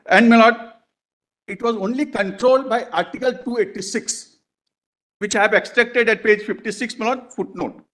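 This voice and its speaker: A male advocate makes his case to the bench in a courtroom, his voice sitting noticeably high for a man. He speaks in halting, piled-up clauses and calls the bench "my lord" every few words as he walks through pages and paragraphs. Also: fairly bright tone. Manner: addresses the bench as "my lord" constantly, halting restarts. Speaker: advocate arguing before a court. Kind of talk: courtroom legal argument.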